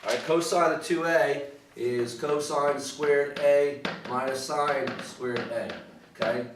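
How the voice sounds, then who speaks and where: A man's voice: a little high, steady tone, slow, recorded from a distance. A man teaching a math lesson, working through problems step by step with frequent "okay" and "all right" checks. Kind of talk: recorded math lesson walkthrough. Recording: echoey room, voice somewhat off-mic, clear background noise.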